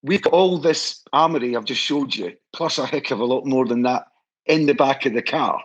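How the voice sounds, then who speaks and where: Enthusiastic Scottish man, husky voice. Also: mid-range voice, normal speed, muffled recording. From Scotland. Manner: enthusiastic, laughs while telling stories. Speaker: guest, history society head. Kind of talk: casual storytelling chat.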